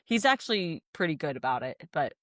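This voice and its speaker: A woman co-hosting a podcast from home with her husband, chatting casually, quick to agree and laugh. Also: deep voice, sing-song, fairly bright tone, no echo, studio quality. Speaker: co-host, wife. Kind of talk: casual chat.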